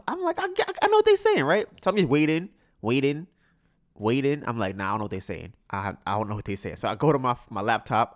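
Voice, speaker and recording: A young male podcast host with a medium-pitched voice tells a slangy, exasperated story, acting out both sides of a phone call in casual chat. There is no room sound.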